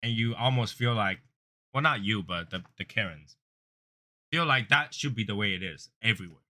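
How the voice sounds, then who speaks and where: This man runs a cigar review channel and chats casually but earnestly, with lively intonation at a moderate pace. He rambles and repeats himself, and when he imitates angry callers his voice gets louder and higher.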